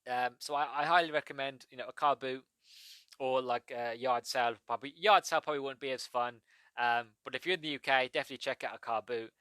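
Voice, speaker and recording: A British man talks through his podcast in a chatty, rambling way, drifting from point to point. His tone is bright and clear. The sound is dry and close, with no room around it. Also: mid-range voice, fast, no echo. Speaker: podcast host. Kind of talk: casual solo podcast monologue.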